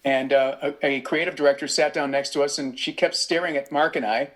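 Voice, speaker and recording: American man telling animated stories. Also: mid-range voice, fairly quick. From United States. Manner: animated storyteller, acts out quoted voices. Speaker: voice actor guest. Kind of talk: casual interview storytelling. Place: home recording studio.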